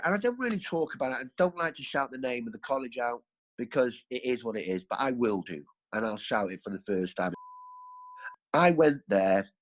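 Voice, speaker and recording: A man appearing as a podcast guest tells his life story candidly, rambling in an earthy manner and correcting himself along the way. His voice is mid-range, and the recording is rough.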